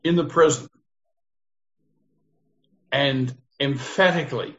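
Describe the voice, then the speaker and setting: A man's voice: mid-range voice, moderate pace. Earnest male Bible teacher, dull lo-fi sound. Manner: earnest, asks the group questions. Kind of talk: interactive Bible study. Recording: dull lo-fi recording.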